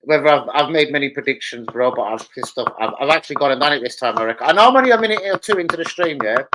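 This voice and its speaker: A man with a British accent hosting a casual football fan livestream, ranting excitably and swearing freely. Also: mid-range voice, very fast, a little hiss or hum, poor audio. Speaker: live stream host.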